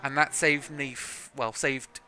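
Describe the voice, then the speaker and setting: A man's voice: medium pitch, fairly even intonation, unhurried, pushed and bright, a little hiss or hum. A young man from South Africa giving live sim racing commentary in a chatty, joking, self-deprecating way. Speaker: race commentator.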